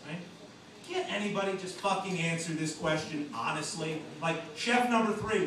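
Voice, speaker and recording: A man doing an open mic stand-up set in a small supper club, with a punchy delivery and sudden loud outbursts. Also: sits high, normal speed. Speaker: stand-up comedian. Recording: distant, echoey club recording with room noise. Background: audience laughter and club ambience.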